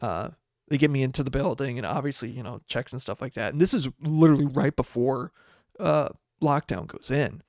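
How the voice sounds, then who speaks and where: A young man hosting a podcast, telling a personal story in a halting way, with many restarts and laughs through the sad parts. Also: medium pitch, vocal fry, a little mellow, no echo, clean studio sound. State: tearful. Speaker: podcast host. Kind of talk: casual storytelling monologue.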